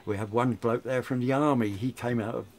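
Chatty older radio DJ. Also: male voice, mid-range voice, steady tone, brisk. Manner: chatty, rambling, frequent restarts. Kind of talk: reminiscing interview.

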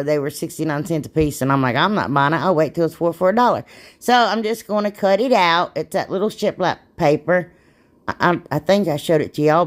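A woman chatting casually through a craft tutorial, rambling and self-deprecating, laughing at herself. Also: fairly low pitch. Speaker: DIY crafts vlogger.

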